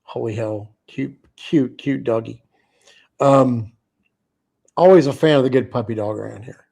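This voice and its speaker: A man's voice: medium pitch, measured pace, creaky, dark tone. A man hosting a casual live stream, tired and yawning, rambling and swearing freely. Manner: rambling, swears freely, reads chat aloud. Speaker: livestream host.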